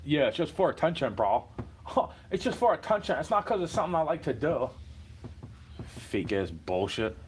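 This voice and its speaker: Ranting off the cuff on his livestream, a man mocks and mimics the people he's arguing with, swearing sarcastically. His fairly high voice swings widely in pitch and moves fast. The echoey room, distant mic, faint ambience and slight hiss or hum color the audio.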